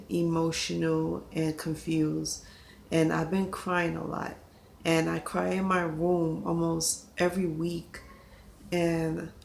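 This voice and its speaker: A woman talking through a personal confessional vlog, upset and halting, often repeating herself. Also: fairly low pitch, gravelly, darkish tone, a little hiss or hum. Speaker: vlogger.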